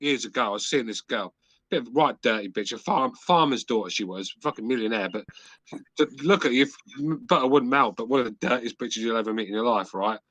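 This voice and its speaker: A man's voice: mid-range voice, a little fast, a bit bright, dry recording. A middle-aged man with an English accent, a podcast host telling rambling crude stories and swearing constantly. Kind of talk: crude casual chat.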